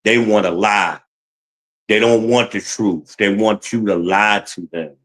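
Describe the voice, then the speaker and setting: A man's voice: on the low side, steady tone, a little slow, a bit bright, rough recording. A man giving blunt, profane relationship advice in a heated livestream rant, talking to his chat.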